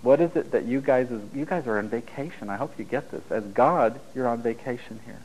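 A middle-aged man at a mid-pitched, everyday register speaks to a room full of listeners. He talks in a loose, rambling way, jokes and chuckles at himself, and drifts between stories and points like a relaxed spiritual teacher. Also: a little fast, slight background noise, poor audio. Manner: rambling, joking, laughs at his own lines. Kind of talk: informal spiritual talk to an audience. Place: room with a live audience.

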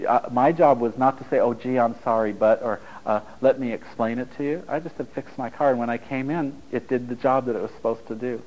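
A man's voice: medium pitch, a little mellow, low-quality recording. Blunt man telling stories to an audience. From United States. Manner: blunt, storytelling, acts out dialogue. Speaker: relationship speaker. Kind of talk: live talk to an audience.

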